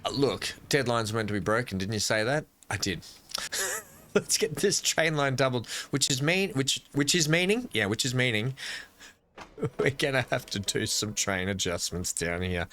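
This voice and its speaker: A man with an Australian accent talks through a building game in loose, rambling commentary. His voice is bright and forward, at a middle pitch for a man. He jokes and answers his own questions as he goes. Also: lively intonation, normal speed. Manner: rambling, playful, talks to himself. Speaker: gaming channel host. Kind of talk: casual gameplay commentary.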